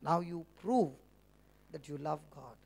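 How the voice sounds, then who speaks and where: A high-voiced man delivers a sermon to a church gathering. He speaks in a loose, conversational way and keeps teasing his listeners with direct questions. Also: measured pace, vocal fry, a little mellow, slightly rough. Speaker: preacher. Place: church meeting.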